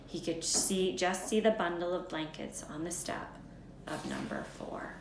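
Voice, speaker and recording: A woman teacher reads a chapter book aloud in an unhurried storytelling manner. Her voice sits a bit low and rings in a roomy room, with a faint hum behind. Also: creaky. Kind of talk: read-aloud storybook narration. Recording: roomy echo, faint background noise.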